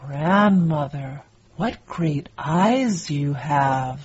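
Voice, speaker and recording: A woman voicing an innocent little girl who asks slow, wondering questions. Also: sits low, lively intonation, darkish tone, muffled recording, a little hiss or hum, heavily acted.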